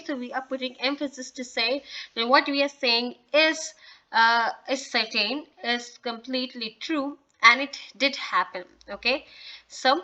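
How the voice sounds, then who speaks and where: A woman's voice: high-pitched, sharp tone, highs cut off. A woman hosting a casual video English lesson, speaking encouragingly with frequent hesitations and restarts. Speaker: English teacher and channel host.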